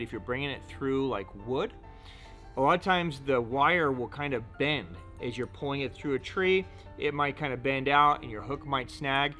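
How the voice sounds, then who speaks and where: This fishing tackle shop presenter has a medium-pitched, sharp-toned voice. He shows off fishing gear in a casual, chatty, joking way, often filling gaps with "so" and "right?".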